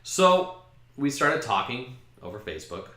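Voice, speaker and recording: A man's voice: mid-range voice, a little slow. A man hosting a podcast, casually telling a self-mocking story about his own past. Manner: self-mocking, animated retelling. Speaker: podcast host. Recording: roomy echo.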